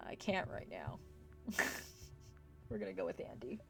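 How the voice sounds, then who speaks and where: A woman's voice: medium pitch, huge pitch swings, a little slow, gravelly, long pauses, a little mellow, breathy edge, soft background music. A woman streamer making casual, laid-back asides while playing a game.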